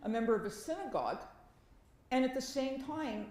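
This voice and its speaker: A woman's voice: sits high, big pitch swings, moderate pace, darkish tone, roomy sound, a little hiss or hum, poor audio. A woman from Massachusetts speaking as a professor on a panel, telling wry stories with emphatic repetition. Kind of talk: conversational academic talk.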